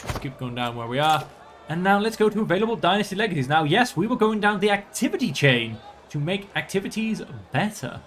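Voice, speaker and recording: A man's voice: high-pitched, big pitch swings, fairly quick, fairly bright tone, slight background noise. A man hosting a let's play, commenting on a strategy game and slipping into mock-archaic, theatrical speech as his ruler. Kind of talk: gameplay commentary with role-play.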